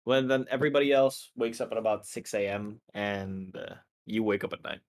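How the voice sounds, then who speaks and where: A man narrating as game master in a relaxed, descriptive way. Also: on the low side, fairly quick, a little hiss or hum.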